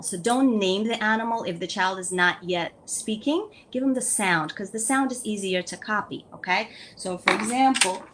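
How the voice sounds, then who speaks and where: A speech therapist, here as a guest, talks parents through speech activities for young children. Her mid-range, fairly bright voice carries a little hiss or hum, and she stays patient, repeating key points and asking "okay?" after each one.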